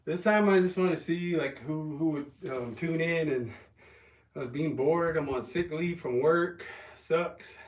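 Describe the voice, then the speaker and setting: Man chatting casually on a livestream. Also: a little high. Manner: rambling, halting with ums and restarts. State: resting an injured calf. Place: home, lifting weights while streaming. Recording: roomy, from a distance.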